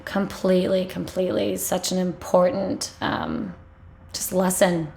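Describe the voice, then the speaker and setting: A woman hosts a podcast interview in a somewhat low voice with a gravelly fry running through it. She responds supportively and works through her thoughts aloud. Her talk is dotted with small fillers. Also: level tone, unhurried, darkish tone. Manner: affirming and thoughtful, many fillers. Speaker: podcast host. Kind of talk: interview conversation.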